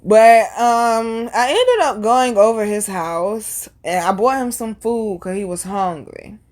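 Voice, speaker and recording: Woman podcast host, candid and profane, somewhat high voice. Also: takes it slowly. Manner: candid, animated, profane, laughing asides. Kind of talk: casual storytelling monologue.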